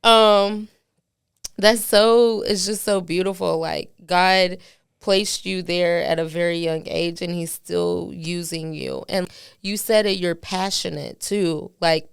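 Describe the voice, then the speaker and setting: A woman's voice: fairly low pitch, vocal fry, clean tone. A woman hosting a podcast interview, heartfelt and affirming, with lots of casual fillers. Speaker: podcast host.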